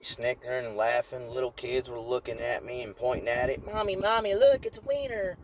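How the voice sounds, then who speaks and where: A man telling a brash, animated comedic story in a casual way, recorded in a parked car. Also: medium pitch, slight background noise, poor audio. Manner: animated, brash, shifting into voices.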